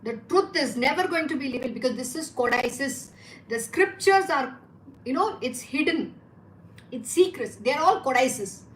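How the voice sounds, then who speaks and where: A high-voiced woman preaches with fervor, firing rhetorical questions and scolding her listeners. Her voice rings in an echoey room with a faint hiss behind it. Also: expressive, moderate pace. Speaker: spiritual teacher. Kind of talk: devotional discourse.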